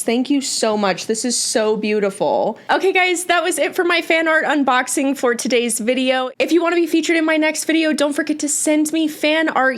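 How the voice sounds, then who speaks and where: A young woman vlogging, shifting between indignant commentary and gushing excitement. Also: a little high. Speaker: commentary YouTuber. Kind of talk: commentary vlog.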